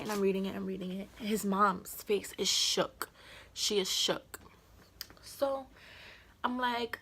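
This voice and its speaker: A young woman vlogging a casual story time, animated and slangy, acting out the dialogue as she goes. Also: mid-range voice, a little slow.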